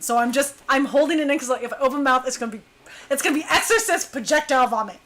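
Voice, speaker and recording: Animated high-voiced young woman storyteller. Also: fast talker. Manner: animated, acts out quotes in hushed voice. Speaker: dancer telling a story. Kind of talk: casual storytelling.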